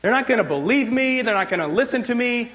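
A male preacher voicing an anxious, reluctant leader who pleads and complains in a whiny, high voice. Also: animated, quick pace, fairly bright tone, long reverb tail. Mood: pleading.

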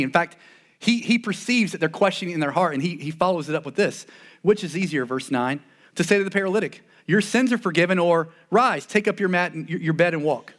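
Male pastor, high voice, earnest conversational sermon delivery with frequent restarts. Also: expressive, fairly quick.

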